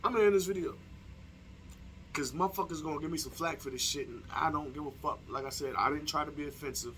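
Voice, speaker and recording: A young man talking straight to camera in a casual vlog, swearing freely and throwing rhetorical questions at his viewers. His voice sits a little high for a man and has a bright, forceful edge. Faint ambient noise hums behind him. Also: fast. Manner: profane, heated rhetorical questions. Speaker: vlogger. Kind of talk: casual opinion monologue to camera.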